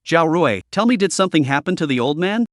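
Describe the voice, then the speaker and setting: A man's voice: a little high, expressive, fast, no room sound, clean studio sound, close to an everyday voice. A man voicing a proud, wounded young woman. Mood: aggrieved. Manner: defensive, pleading.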